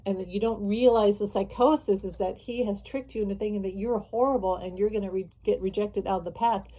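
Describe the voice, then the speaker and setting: A woman's voice: medium pitch, fairly even intonation, brisk, hardly any pauses, mellow, low-quality recording. A woman hosting her own channel, delivering an impassioned political monologue straight to her viewers, repeating her points for emphasis. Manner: impassioned, repetitive, addresses viewers directly. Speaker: channel host. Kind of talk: opinionated political vlog monologue.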